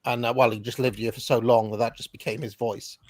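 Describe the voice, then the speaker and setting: Welsh host, mid-pitched, relaxed storyteller, dry sound. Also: male voice, fast, dry recording. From Wales. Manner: chatty, giggly, storytelling. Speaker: podcast host. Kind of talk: casual chat. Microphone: remote video call.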